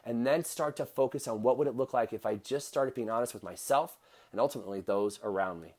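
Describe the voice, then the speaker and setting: A man's voice: mid-range voice, brisk, a little mellow. A middle-aged man hosting a motivational podcast, talking straight to his listeners in an earnest, direct way. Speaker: podcast host.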